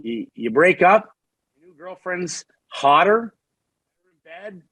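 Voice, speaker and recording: A middle-aged man, a guest on a podcast, telling stories in a candid, animated, profane way and often restarting his sentences. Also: high voice, slow, no echo, low-quality recording. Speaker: podcast guest, former hockey player. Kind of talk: casual storytelling interview.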